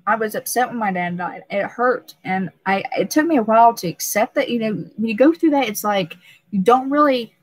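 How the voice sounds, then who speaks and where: A woman's voice: fairly high pitch, fairly quick, dry recording, low-quality recording. A young pregnant woman hosting a casual live stream, talking emotionally and laughing often, with many restarts.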